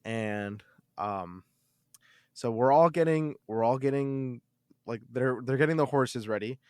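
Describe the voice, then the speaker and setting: Animated man telling a story, dry mic. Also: medium pitch, unhurried, no room sound. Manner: animated, swears a lot, repeats words. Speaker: podcast host. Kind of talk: casual storytelling.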